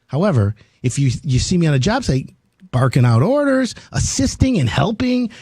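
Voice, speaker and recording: A man's voice: fairly high pitch, sing-song, moderate pace, a little mellow, breathy edge, no room sound. A male radio host talking casually on air, telling jokey stories and taking listener questions from a studio. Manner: chatty, storytelling, jokey. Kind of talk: casual talk radio chat.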